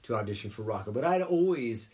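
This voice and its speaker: A middle-aged man, a voice actor, telling career stories in a relaxed interview and slipping into quick character voices. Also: medium pitch, slight background noise. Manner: animated storyteller who slips into quick character voices. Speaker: guest voice actor. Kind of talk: casual interview storytelling.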